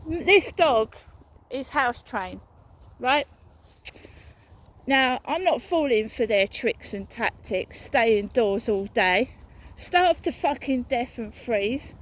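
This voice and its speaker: A woman's voice: a little high, lively intonation, slow pace. A woman vlogging on a walk outdoors, ranting angrily and swearing a lot. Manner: angry, profane ranting. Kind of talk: walking vlog rant. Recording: outdoor background noise.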